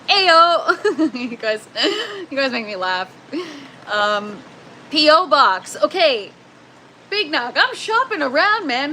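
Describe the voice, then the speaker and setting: A woman's voice: high-pitched, bright, forceful tone, slight background noise, low-quality recording. A young woman hosting a casual livestream, chatty and laughing often as she greets viewers by name from an indoor grow tent. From Canada. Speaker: livestream host.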